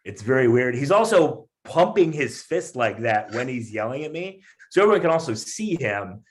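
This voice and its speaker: Speaking at a moderate pace with a medium-pitched voice, a male comedian guesting on a podcast recounts a story. He's loose and lively, frequently restarting and leaning on filler words.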